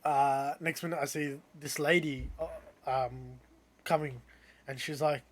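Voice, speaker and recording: A young Australian man telling a story in casual podcast chat, animated and full of "like" and "um", acting out the people he talks about. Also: mid-range voice, slight background noise. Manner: animated, quick to act out the people in his story, many "like"s and "um"s. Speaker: podcast co-host.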